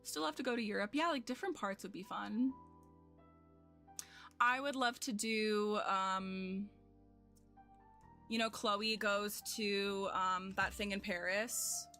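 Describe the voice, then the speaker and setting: A woman's voice: mid-range voice, fairly even intonation, slow, pauses often, pushed and bright, faint music behind. A young woman streamer chatting casually with her viewers at home, rambling and self-deprecating with lots of fillers. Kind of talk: casual chat with chat while gaming.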